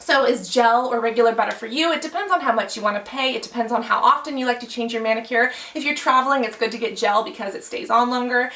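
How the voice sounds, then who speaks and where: A woman's voice: fairly high pitch, fast talker, few pauses, fairly bright tone, reverberant, recorded from a distance. A woman beauty vlogger talking casually to camera, chatty, thinking aloud with many fillers. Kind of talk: casual explainer talk to camera.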